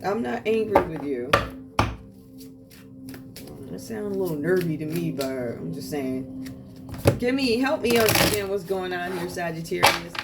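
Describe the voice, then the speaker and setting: A woman's voice: lowish voice, lively intonation, unhurried, pauses often. A woman doing a tarot reading for viewers, talking in a sassy, outspoken way and asking the cards to speak. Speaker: tarot reader. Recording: distant mic with loud music behind.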